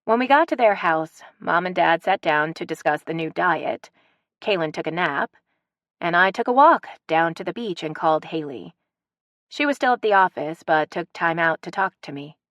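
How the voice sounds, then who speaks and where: A woman narrating a romance audiobook in an even, storytelling manner on a close studio mic. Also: fairly low pitch, moderate pace, dry recording. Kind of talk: scripted narration.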